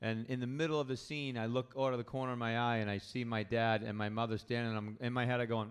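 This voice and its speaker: A man, a stand-up comedian and podcast guest, telling comic stories in a lively way and acting out the people in them, at a comedy club. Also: medium pitch, fast, hardly any pauses, clean tone. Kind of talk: comic storytelling anecdote. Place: comedy club with a live audience.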